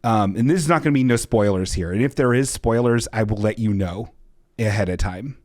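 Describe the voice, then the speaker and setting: A man's voice: lowish voice, fairly quick, darkish tone, dry recording, studio quality. A man hosting a livestream podcast, chatting casually in a rambling, jokey way with sarcastic asides. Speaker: podcast host. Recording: music bed playing underneath. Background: looping background music.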